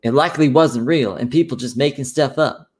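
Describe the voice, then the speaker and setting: A man mimicking a higher-pitched dismissive guy. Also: fairly quick, darkish tone, close to an everyday voice. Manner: mocking impression, raised pitch. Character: dismissive young man brushing off claims.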